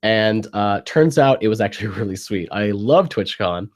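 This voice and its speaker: Man, young, stuffy nose from a cold, lowish voice, rambling casual chat, video call. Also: animated, moderate pace. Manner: loose, rambling, jokey. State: congested from a cold, sniffling. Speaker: podcast co-host.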